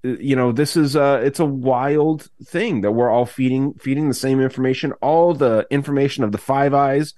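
A man's voice: medium pitch, normal speed, hardly any pauses, dark tone, no echo. A man hosting a talk podcast, his voice in a middle register. He rambles through loose, profane thoughts, restarting sentences as he goes. The recording is close and dry. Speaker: podcast host. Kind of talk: casual chat.

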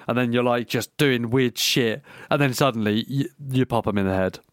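A man co-hosting a casual gaming podcast, talking in a relaxed, offhand way with casual swearing. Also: medium pitch, moderate pace, clean tone, no echo, studio quality. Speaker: podcast co-host.

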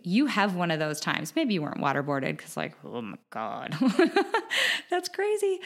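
A woman in her thirties hosting a podcast from home, chatting casually and enthusiastically with lots of fillers. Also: fairly low pitch. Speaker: podcast host. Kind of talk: casual solo podcast talk.

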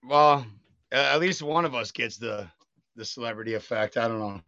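A man tells self-deprecating stories in a loose, joking way. His voice is bright and forceful. The recording is dry and slightly dull, with a lo-fi edge. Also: mid-range voice, normal speed, creaky, no echo. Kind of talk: casual chat. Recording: dull lo-fi sound.

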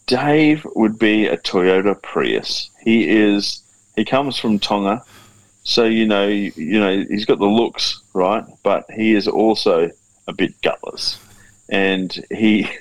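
A man's voice: lowish voice, no echo, rough recording. A man co-hosting a podcast, teasing his friends in casual banter and swearing freely. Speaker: podcast co-host.

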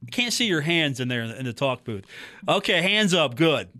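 A man hosts a casual sports podcast from a talk booth. His voice sits high and swings widely up and down as he rambles and ribs his co-host. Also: fairly quick. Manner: animated, chatty, teasing his co-host.

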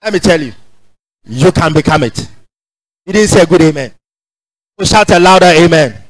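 Ghanaian male pastor, high voice, dry close sound, repetitive call-and-response preaching. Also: animated, normal speed, no room sound, rough recording. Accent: Ghanaian English. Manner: call-and-response preaching, repeats phrases, rises to shouts. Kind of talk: sermon.

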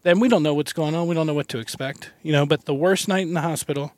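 A male guest in a van telling a story in a halting, casual way, chuckling now and then. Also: fairly high pitch, darkish tone, dry recording. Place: inside a parked van.

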